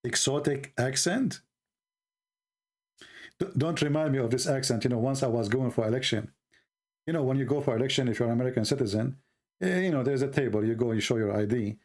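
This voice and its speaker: A man's voice: mid-range voice, fast, a little mellow. Sarcastic man with a Middle Eastern accent. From Middle East. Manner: mocking, sarcastic, broken English. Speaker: show host. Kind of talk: sarcastic livestream monologue.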